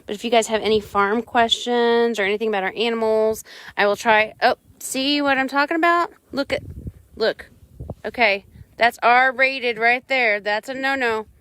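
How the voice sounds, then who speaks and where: A woman's voice: on the high side, normal speed, a bit bright, clear, resonant tone. A woman chatting casually on a live stream outdoors on her ranch, talking sweetly to her animals.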